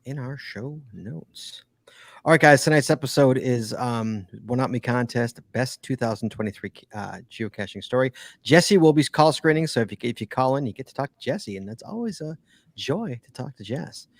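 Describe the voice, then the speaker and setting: A man's voice: medium pitch, lively intonation, brisk, no room sound. A man co-hosting a casual podcast, chatty and teasing as he reads listener emails aloud. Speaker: podcast co-host.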